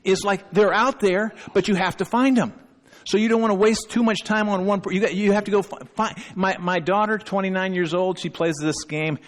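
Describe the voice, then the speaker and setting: A middle-aged male pastor delivers an emphatic sermon, his voice sitting somewhat high for a man. He keeps pausing to check in with his congregation. The recording carries the long reverb of a church hall. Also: fairly even intonation. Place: church sanctuary.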